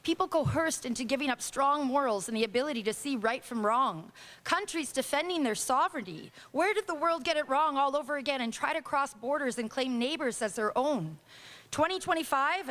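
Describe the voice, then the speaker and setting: Canadian woman poet, high voice, impassioned spoken-word delivery, live lounge reading. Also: fairly bright tone. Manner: impassioned, indignant declamation. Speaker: poet reading her own work. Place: small acoustic lounge, live audience.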